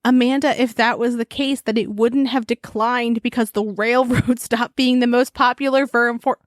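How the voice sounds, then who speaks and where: A woman's voice: a little high, steady tone, normal speed, no echo, clean studio sound. A woman co-hosting a podcast in casual, rambling, giggly banter with frequent swearing, speaking into a desk mic at home. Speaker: podcast co-host. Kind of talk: casual chat. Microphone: desk mic on stand.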